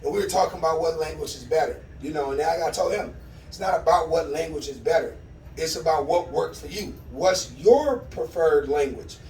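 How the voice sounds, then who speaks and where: A man's voice: on the high side, normal speed, a little mellow, a little hiss or hum. Laid-back man, roomy distant sound. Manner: laid-back, conversational, repeats dog commands. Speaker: dog owner training his puppy. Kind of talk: casual instructional vlog. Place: at home with his dogs. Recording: roomy, distant mic with faint ambience.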